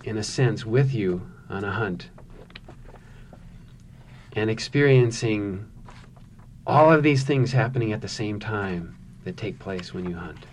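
A man, an author, speaking thoughtfully about his writing and reading his own novel aloud in a measured way. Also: on the low side, animated, slight background noise.

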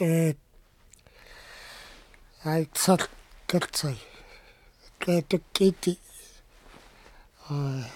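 An older speaker telling an oral history in a halting way, mixing a few English words into another language. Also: mid-range voice, darkish tone.

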